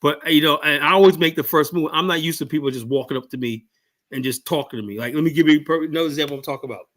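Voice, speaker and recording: Fast-talking blunt American man. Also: fairly high pitch, a bit bright. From United States. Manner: blunt, heated storyteller, swears freely. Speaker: guest. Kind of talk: casual podcast debate.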